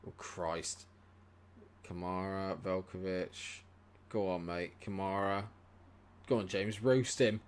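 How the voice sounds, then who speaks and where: A man streaming a football management game, muttering, then shouting and swearing at the match. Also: low-pitched, steady tone, slow pace, pauses often, clear, resonant tone. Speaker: gaming streamer. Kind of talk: live gameplay commentary.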